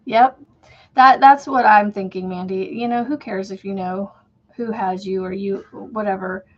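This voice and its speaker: A woman's voice: medium pitch, steady tone, unhurried, highs cut off. A woman in her thirties hosting a casual crochet livestream from home, chatting in a rambling way and laughing often as she works. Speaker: crochet channel host.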